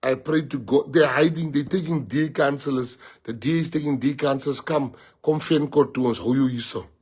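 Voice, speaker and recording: His mid-range voice is darkish and slightly rough, and he speaks briskly. A party leader with a South African accent, he stirs up his party's members through emphatic repetition and scattered Afrikaans.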